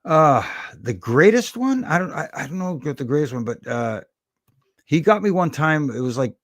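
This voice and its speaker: A man's voice: fairly high pitch, sing-song, normal speed, dry recording, studio quality. A middle-aged man, a former wrestling referee, chatting as a guest and telling stories with many fillers and restarts. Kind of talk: casual interview chat.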